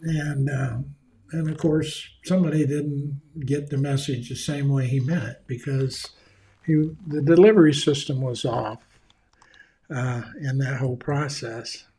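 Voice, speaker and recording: A man's voice: medium pitch, steady tone, a little slow, mellow. A man giving a conversational leadership seminar in a folksy manner, acting out the voices of the people he quotes. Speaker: leadership speaker.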